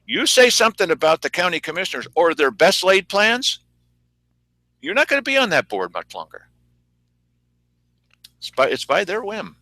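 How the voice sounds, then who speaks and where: A man's voice: high voice, sharp tone, dry recording, low-quality recording. A man co-hosting a local news show, commenting sarcastically on clips in casual talk and laughing often.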